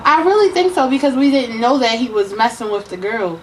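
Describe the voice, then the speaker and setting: A woman's voice: fairly high pitch, big pitch swings, brisk, slight background noise. A woman co-hosting a casual TV recap chat, blunt and teasing, with plenty of swearing. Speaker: co-host of a TV recap show.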